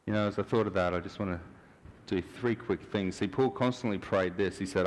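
A man's voice: deep voice, a little fast. A man preaching a sermon in an earnest, questioning manner. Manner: earnest, searching, asks many questions. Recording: long hall reverb.

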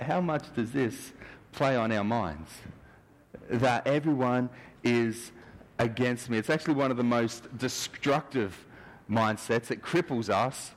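A male preacher works through his sermon with earnest questions to the congregation. His voice sits at an ordinary middle pitch. A long reverb from the church hall trails his words. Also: measured pace. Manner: earnest, searching, asks many questions.

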